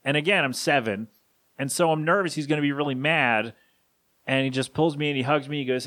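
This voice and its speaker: A man, in his thirties, hosting a solo podcast and speaking haltingly with grief, his voice catching as he rambles through a tribute. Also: fairly high pitch, fairly bright tone. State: grieving, voice catching. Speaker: podcast host.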